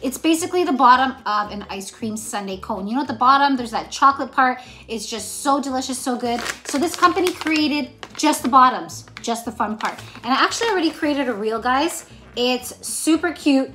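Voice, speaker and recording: Bubbly high-voiced woman vlogger. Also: normal speed. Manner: excited and bubbly. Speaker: vlogger host. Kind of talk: casual snack-tasting vlog.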